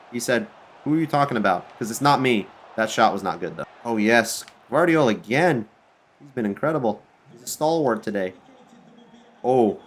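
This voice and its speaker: A man commentating his football video game career mode, excitable and swinging between groans and outbursts at his players. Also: mid-range voice. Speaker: gaming YouTuber.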